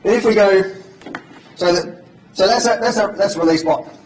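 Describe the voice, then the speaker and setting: Guy doing a jokey live coding demo on stage, slightly high voice, echoey hall, mic kinda far off, faint hiss. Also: normal speed. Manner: informal and joking. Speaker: conference speaker.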